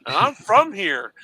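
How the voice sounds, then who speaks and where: A man from South Jersey chatting casually on a podcast, animated and playfully mimicking local accents. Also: mid-range voice, slight background noise. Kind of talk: casual movie chat.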